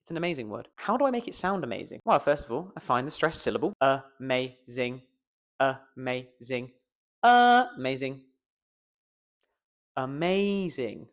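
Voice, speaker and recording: Playful voice coach, lively pitch. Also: male voice, very fast, few pauses. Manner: playful, self-mocking, drawing out stressed syllables. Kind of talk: casual pronunciation lesson to camera.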